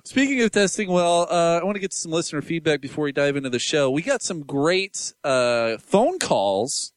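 Animated male radio co-host. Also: fairly high pitch, normal speed, dry recording. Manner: animated, laughs often, opinionated. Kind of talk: casual radio banter.

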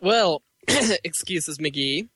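A male radio co-host with a notably high voice for a man. He speaks in a dry, hesitant way with plenty of fillers, recorded in a dead, echo-free studio. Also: expressive, extremely slow, a bit bright, breathy edge. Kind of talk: casual radio banter.

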